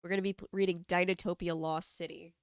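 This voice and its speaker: A chatty woman hosting a live stream, her voice a bit low, smooth and clear, and a touch stuffy from allergies. She sounds close and dry, with no room around her. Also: quick pace, no echo. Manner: chatty, animated, talks to chat. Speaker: streamer host. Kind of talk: casual live-stream chat.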